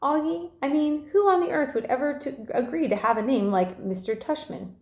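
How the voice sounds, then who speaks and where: Excitable jokey father read by a woman, storybook voice, echoey room. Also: high voice, normal speed, voice pushed up. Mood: excited teasing. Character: playful joking father, teasing his son.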